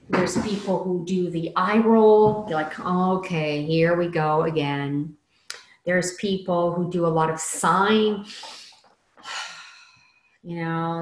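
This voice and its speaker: Low-pitched woman coach, echoey room. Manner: conversational, many fillers, varied emphasis. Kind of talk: talk on empathy habits.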